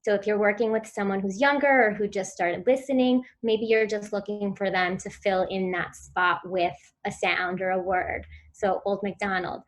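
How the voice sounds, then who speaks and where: A woman presents at a virtual conference, walking listeners through techniques step by step. Her delivery is clear and instructive, and her pitch sits in the middle range for a woman. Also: fairly even intonation, moderate pace, hardly any pauses. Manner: clear instructive delivery, models sounds for children. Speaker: speech therapy presenter.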